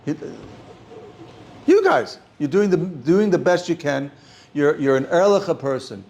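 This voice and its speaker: An older man, teaching an informal class as a rabbi, halting and repeating words as he speaks. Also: a little high, dull audio. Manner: halting, repeats words often, animated when stressing points. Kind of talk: informal Torah class talk.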